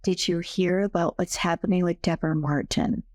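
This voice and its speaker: A woman's voice: lowish voice, fairly even intonation, normal speed, darkish tone. A middle-aged woman, a guest on a podcast, telling a personal story in an earnest, conversational way and acting out the remembered dialogue. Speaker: podcast guest, psychic medium. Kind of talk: personal storytelling in a casual interview.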